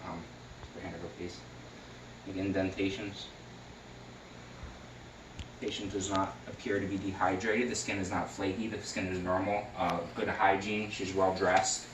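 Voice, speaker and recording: A man's voice: deep voice, flat delivery, normal speed, long pauses, noisy background. A man demonstrating a head-to-toe health assessment, talking through each step with many fillers and restarts. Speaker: nursing student. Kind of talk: narrated clinical skills demonstration. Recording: roomy sound from a distant mic.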